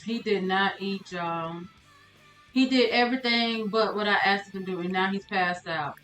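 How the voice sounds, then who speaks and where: A woman's voice: mid-range voice, moderate pace, a bit bright, echoey room, soft background music, rough recording. A woman streamer commentating a life-sim game live, exasperated and laughing as she talks to her chat.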